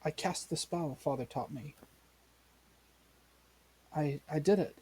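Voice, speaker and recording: Man playing a dying small boy in a tabletop game, stammering; dark, husky timbre. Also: a little high, takes it slowly, full character voice. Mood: faint. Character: dying young boy, faint and proud.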